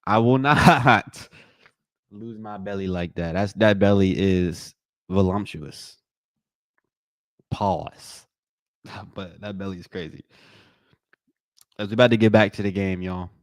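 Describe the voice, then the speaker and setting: A young man commentating a live watch party, joking with his chat in a slangy, excitable way. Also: a little slow, pauses often, dry recording, studio quality. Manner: excitable, joking, slangy, bursts into high-pitched reactions.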